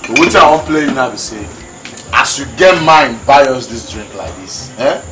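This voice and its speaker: An actor playing a brash gang member in a Nollywood film, bantering in a Nigerian Pidgin accent. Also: male voice, mid-range voice, expressive, moderate pace, fairly bright tone, natural voice. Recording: film scene over music.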